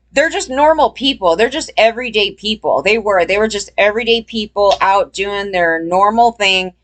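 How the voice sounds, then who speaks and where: Woman host, casual commentary, blunt and chatty, somewhat high voice. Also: fairly bright tone. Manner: chatty, blunt, swears, many fillers.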